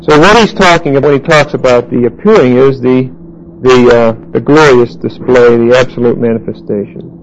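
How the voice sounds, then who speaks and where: A man teaching a Bible class verse by verse, halting with fillers and restarts and putting questions to his listeners. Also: mid-range voice, highs cut off, slight background noise.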